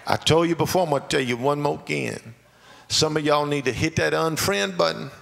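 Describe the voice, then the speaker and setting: A pastor preaching a sermon, moving between quiet asides and shouted lines, laughing along the way. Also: male voice, on the high side, a little fast, vocal fry, background noise. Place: church sanctuary. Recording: long church hall reverb, faint ambience.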